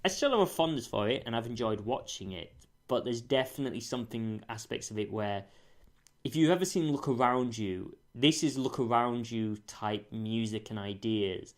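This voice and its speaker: A man's voice: mid-range voice, expressive, normal speed. A man reviewing an old TV series in a casual spoken monologue, thoughtful and careful, often correcting himself mid-sentence. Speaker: TV show reviewer.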